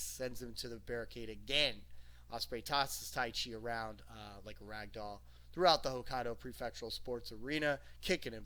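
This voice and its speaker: Male reviewer, casual and rambling, bright voice, mid pitch. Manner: excited, rambling, lots of "okay?". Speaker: wrestling show reviewer. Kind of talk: casual recap commentary.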